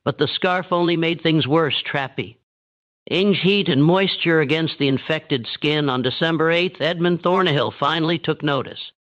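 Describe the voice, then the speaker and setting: A man giving steady, measured scripted narration of a dark historical story. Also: a little high. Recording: dull, dry, lo-fi sound.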